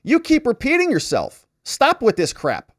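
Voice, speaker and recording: Curt male witness on the stand, irritated and snappish, high-pitched retorts, put on by a man retelling it. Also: sing-song, brisk, no echo, studio quality.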